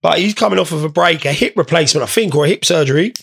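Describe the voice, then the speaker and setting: A man's voice: on the high side, racing, vocal fry, fairly bright tone, slightly rough. A young man hosting a casual podcast, rambling, swearing and joking while stoned. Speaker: podcast host.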